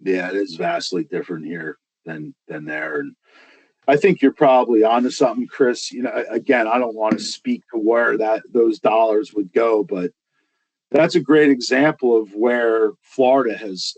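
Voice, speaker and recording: Measured man, dry close sound. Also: lowish voice, husky, no echo, poor audio. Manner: measured, careful, hedging. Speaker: guest, artificial reef program worker. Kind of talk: casual chat.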